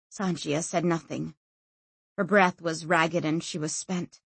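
A woman narrating a novel as an audiobook, expressive and acting out every figure. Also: sits low, measured pace, vocal fry, husky, dry recording. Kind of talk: scripted narration.

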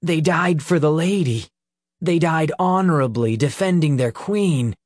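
A man's voice: medium pitch, animated, extremely slow, darkish tone, no room sound, clean studio sound. A man playing a proud, defensive young leader.

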